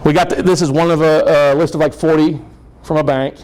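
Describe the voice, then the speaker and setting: A man speaking to a real estate investor group, telling stories in an animated, joking way and laughing often. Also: a little high, a little fast, poor audio. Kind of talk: storytelling presentation.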